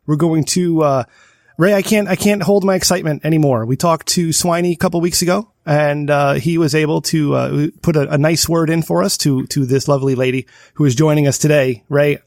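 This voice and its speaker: A man hosting a casual comedy podcast, excitable and profane, joking with his co-host. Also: fairly high pitch, fairly quick, dry recording, studio quality.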